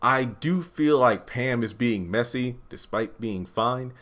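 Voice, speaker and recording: Animated man reviewing a TV episode. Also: medium pitch. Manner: animated, acts out characters' lines in quick voices. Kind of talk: casual spoken episode review.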